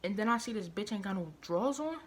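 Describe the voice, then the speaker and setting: A woman vlogger telling a personal story, animated and profane, hammering her points home through repetition and outraged disbelief. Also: mid-range voice, fast talker. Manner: animated, profane, emphatic retelling with heavy repetition; outraged, incredulous. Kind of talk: storytime vlog.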